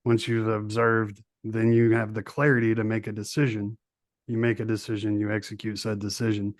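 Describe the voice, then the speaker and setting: A man hosting a podcast, chatting casually and explaining his ideas in a measured, reflective way. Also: on the low side, completely flat delivery, no echo. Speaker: podcast host. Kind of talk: casual conversation.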